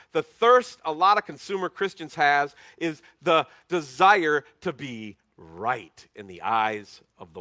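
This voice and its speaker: A man preaching a sermon, telling stories dramatically and swinging from loud emphasis to hushed tones. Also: fairly high pitch, no room sound. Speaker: pastor.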